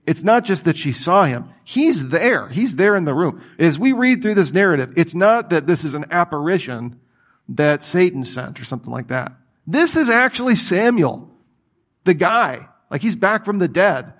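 Man preaching a sermon, conversational and animated, in a somewhat high voice. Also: moderate pace. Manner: animated, conversational, reads scripture aloud then comments.

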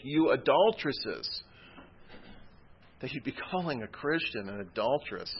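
Conversational male preacher, mid-pitched. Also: muffled recording. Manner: conversational, asks rhetorical questions, quotes scripture with rising emphasis. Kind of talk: sermon teaching.

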